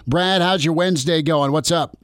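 A man's voice: on the high side, steady tone, normal speed, a little hiss or hum. A man hosting a sports radio show, chatting loosely and joking with fillers and restarts. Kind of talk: casual sports radio talk.

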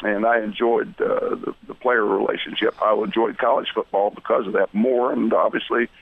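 A man's voice: lowish voice, steady tone, normal speed, gravelly, husky. An older man, a retired football coach, telling blunt, folksy stories in a rambling radio interview over the phone. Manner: folksy, blunt, swears casually, rambling restarts. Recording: tinny phone line.

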